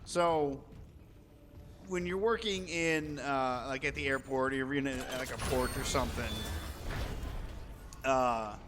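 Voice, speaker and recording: On a live stream, a man with a mid-range voice tells a story casually, unhurried and pausing often. He's chatty, swears freely, and acts out what people said. The recording has long reverb and faint background noise.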